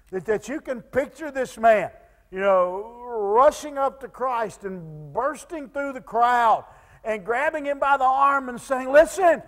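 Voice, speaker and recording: A man pastor preaching a sermon, stammering on restarts and swinging from loud urgency to hushed tones. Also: extremely high pitch.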